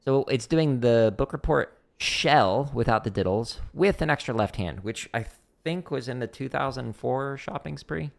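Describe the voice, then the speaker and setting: Gravelly man scatting drum rhythms. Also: mid-range voice, normal speed. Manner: sings out rhythms with vocal syllables; relaxed, thinking aloud with fillers. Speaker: drum instructor streaming practice. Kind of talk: casual spoken drum lesson. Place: home practice room. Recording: loud drumming and clicks behind the voice.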